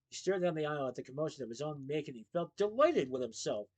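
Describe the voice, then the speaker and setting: It sounds like a bedtime chapter: a man whose voice is somewhat high reads a children's novel aloud at a steady, lively pace. His delivery is brisk, captured on a low-quality recording.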